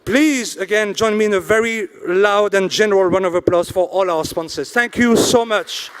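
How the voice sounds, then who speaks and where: A man hosting an awards ceremony in a hotel event hall. He reads out sponsors slowly and drops jokes between them. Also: high voice, clean tone, a faint crowd. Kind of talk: emcee announcing and joking on stage.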